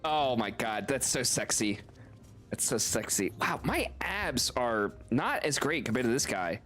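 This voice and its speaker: A male streamer gives loose, playful commentary while he plays, his voice swinging widely up and down as he laughs and jokes. He swears casually as he goes. Soft game music runs underneath. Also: mid-range voice, big pitch swings, a little slow.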